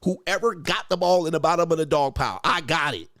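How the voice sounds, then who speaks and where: A man's voice: a little high, fairly quick, no room sound, studio quality. A man giving blunt, profane commentary on a video clip, acting out what people say. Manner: blunt, profane, animated, acts out people's lines. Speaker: commentator reacting to a viral video. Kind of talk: casual reaction commentary.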